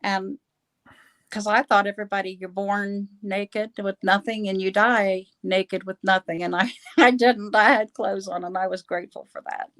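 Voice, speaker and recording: A woman guest on a live video chat, telling a personal account in a halting way, laughing often and restarting her sentences. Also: mid-range voice, fairly even intonation, fairly bright tone, no room sound.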